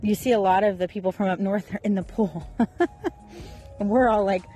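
A woman in her thirties from Florida, chatting casually to her viewers in an expressive vlog, recorded outdoors. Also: medium pitch, moderate pace, soft background music, low-quality recording. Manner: chatty and expressive, rising into excited bursts. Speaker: vlogger.

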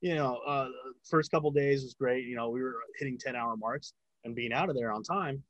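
A man's voice: medium pitch, moderate pace, fairly bright tone, no echo, lo-fi sound. A man in casual chat, telling a long story about working sound on a film set, with lots of filler words and swearing.

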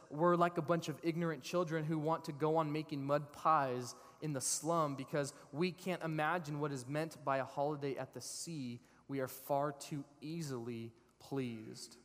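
Guy in his 30s giving a sermon, kinda high voice, big echoey church hall. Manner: animated storytelling with voiced characters. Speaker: pastor. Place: church sanctuary. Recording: long reverb of a large hall.

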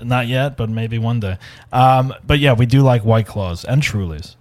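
A man's voice: medium pitch, moderate pace, dry recording. A man hosting a comedy podcast in casual, rambling, joking chat with many fillers. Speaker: podcast host. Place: home studio.

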